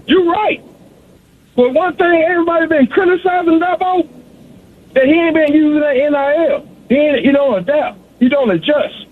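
Male caller, high voice, phone-line audio, rapid repetitive rant. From South Carolina. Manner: fast-talking, repetitive, addresses host by name constantly. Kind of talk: sports call-in rant.

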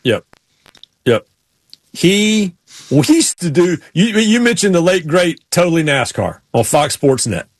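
Male podcast host, casual storyteller, fairly high voice, dry close sound. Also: big pitch swings, unhurried, no echo. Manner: storytelling, imitates drawling racers. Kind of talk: casual sports chat.

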